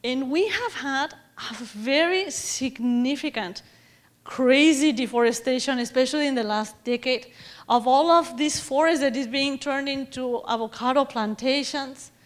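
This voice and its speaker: A woman from Mexico with a Mexican accent giving a lecture in a chatty, animated way, often correcting herself mid-sentence. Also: high voice, measured pace. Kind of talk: public lecture on food and environment.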